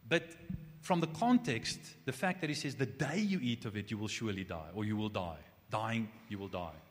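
A man preaching a conversational sermon, animated, with restarts and asides. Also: fairly low pitch, moderate pace. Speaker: pastor. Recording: long hall reverb.

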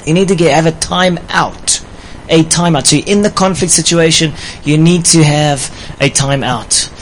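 Male pastor, playful sermon delivery, slightly raised pitch, faint background ambience. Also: normal speed, slight background noise, rough recording. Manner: playful, laughing with a live audience. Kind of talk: sermon on marriage.

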